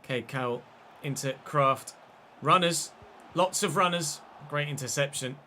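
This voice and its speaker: A man, chatting and commentating excitedly while streaming a football game. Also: on the high side, unhurried, a little hiss or hum. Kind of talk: live gameplay commentary.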